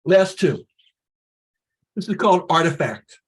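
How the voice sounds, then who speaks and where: A man reading his own poems at a reading series, with slow, deliberate, dramatic phrasing. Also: fairly high pitch, lively intonation, a little mellow, husky. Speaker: poet reading his work. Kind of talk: poetry reading.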